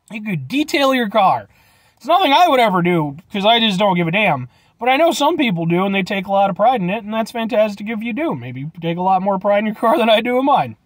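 A man's voice: high voice, no echo. A man rambling in a jokey, chatty way as he reviews a drink and signs off his show. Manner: chatty, rambling and jokey with goofy sign-offs. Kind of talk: rambling casual review vlog.

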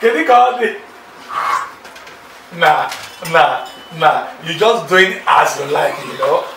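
A man's voice: a little high, slow, vocal fry, reverberant, far from the mic, background noise, exaggerated voice. A man playing a boastful newly rich charmer. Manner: excited and boastful, laughing, with lots of loud phone kisses. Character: boastful, newly rich man sweet-talking several girlfriends on the phone. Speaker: lead character in a film. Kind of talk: Nollywood film acting.

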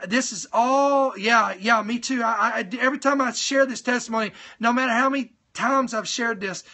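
A man preaching in a live-streamed sermon, telling his testimony in an animated way, speaking directly to his viewers and repeating points for emphasis. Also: very high-pitched. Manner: animated storytelling, talks straight to viewers.

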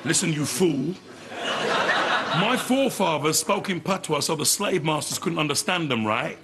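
An exasperated hustler. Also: male voice, a little high, animated, moderate pace, heavy background noise. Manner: London street slang, exasperated, mocking. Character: young black London businessman, exasperated straight man. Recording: live studio with loud audience laughter. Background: loud audience laughter.

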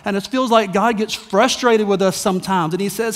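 High-voiced pastor preaching. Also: male voice, normal speed, few pauses. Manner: conversational and emphatic, with rhetorical questions. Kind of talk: sermon. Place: church sanctuary. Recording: long reverb in a church hall.

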